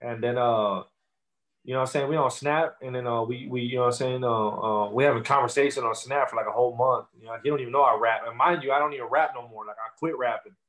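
A man's voice: mid-range voice, fairly even intonation, fast talker, a bit bright. Man in his thirties, rapper guest, easygoing and profane, talks in a mid-range voice. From Texas. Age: 30s. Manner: loose, profane storytelling with many fillers. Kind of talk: casual interview.

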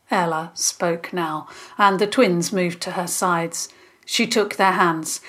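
A woman narrating a children's story in an expressive, scripted way. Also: lowish voice. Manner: slow, expressive.

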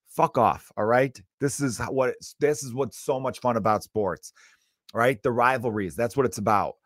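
A man's voice: mid-range voice, normal speed, no room sound, studio quality. A man, a comedian hosting his podcast, ranting casually with lots of swearing and asides. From Chicago area. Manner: profane, animated ranting with frequent asides.

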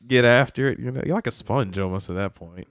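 A man's voice: medium pitch, a little fast, dry recording, clean studio sound. A man co-hosting a podcast, trading crude jokes and laughing with friends. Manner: joking, laughing, loose. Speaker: podcast co-host. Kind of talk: crude casual banter.

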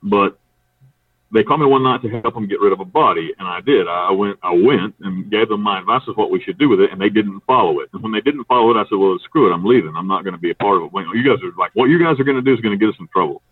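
A low-voiced, husky man from North Carolina tells a rambling, profane story, quickly acting out what others said. He comes through a distant, tinny phone line with no room sound around him. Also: no echo. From North Carolina, USA. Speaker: interviewee. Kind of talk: storytelling interview.

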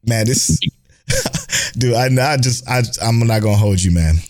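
A man co-hosting an anime talk podcast, chatting in an animated, excitable way and swearing freely. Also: medium pitch, a little slow. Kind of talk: casual chat.

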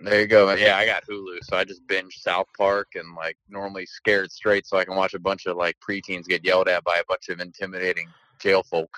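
A man's voice: deep voice, fairly quick, few pauses, no room sound, low-quality recording. A young man in casual joking chat about TV, acting out silly voices. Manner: jokey, lively, acts out silly voices.

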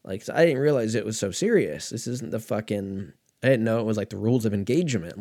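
A man's voice: fairly low pitch, animated, fast talker, hardly any pauses, warm tone. A man from California hosting a casual storytelling monologue, talking in a profane, rambling way and drifting off on tangents. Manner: profane, rambling, easily sidetracked. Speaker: host.

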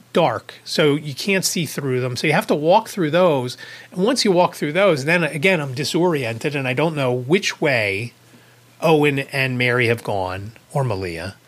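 A man's voice: fairly high pitch, a bit bright. A man hosting a podcast, telling a rambling first-person story in a casual way, with a chuckle here and there. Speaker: podcast host.

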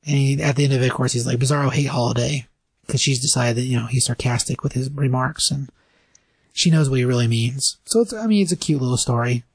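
A man with a slightly husky, mid-pitched voice recaps a comic story on a casual podcast. He rambles along, with fillers and restarts. The sound is dry and close. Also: fast, no echo. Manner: rambling, acts out quoted lines in higher voices. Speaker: podcast co-host reviewing comics.

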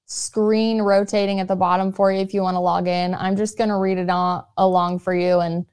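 A young woman reading her own blog post aloud, earnest and measured in a voice she calls monotone. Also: medium pitch, clean tone. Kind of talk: reflective spoken intro and read-along of her writing.

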